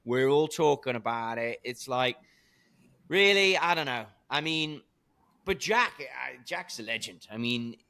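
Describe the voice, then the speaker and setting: A man hosting a golf podcast, chatting in a playful, animated, slangy way. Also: mid-range voice, a little slow, vocal fry. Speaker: podcast host. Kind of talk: casual podcast banter.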